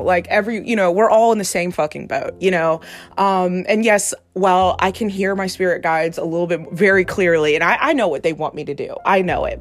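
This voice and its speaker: A woman who is a psychic medium, talking candidly in a casual monologue, swearing freely and laughing often. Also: fairly low pitch. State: gets emotional, near tears. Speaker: psychic medium and podcast host.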